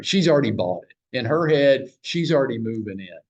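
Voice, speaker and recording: A man's voice: mid-range voice, very animated, brisk, darkish tone, muffled recording. A man who runs a real estate office, leading a training huddle for his agents. He tells stories bluntly, swears a little, and fires rhetorical questions at the room. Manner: storytelling, blunt, mild swearing.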